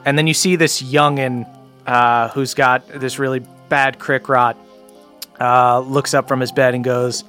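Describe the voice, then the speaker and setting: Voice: medium pitch, level tone, unhurried, fairly bright tone, soft background music. Casual rambling game master. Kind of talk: narrating a tabletop game.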